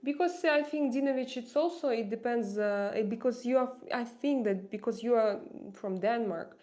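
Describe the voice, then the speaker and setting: A woman's voice: on the high side, mellow. Earnest woman streamer, non-native English. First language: not English. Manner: impassioned and earnest, halting with many fillers and restarts. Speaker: livestream host. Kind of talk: casual livestream chat reading viewer comments.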